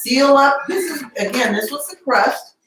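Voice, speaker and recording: Animated woman hosting a home cooking stream. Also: high-pitched, moderate pace, a little hiss or hum. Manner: animated, teasing, talks to viewers by name. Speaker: host of a live cooking stream. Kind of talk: casual live cooking chat. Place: home kitchen. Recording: echoey kitchen.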